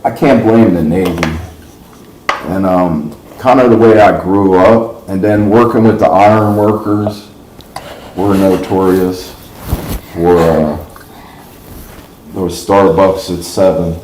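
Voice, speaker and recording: A man's voice: low voice, fairly even intonation, takes it slowly, pauses often, darkish tone, slight background noise. A middle-aged man from the New York area, hosting a livestream and telling rambling stories in a casual, folksy way. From New York / New Jersey. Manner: chatty, folksy, laughs at his own stories. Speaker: livestream host. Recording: roomy echo.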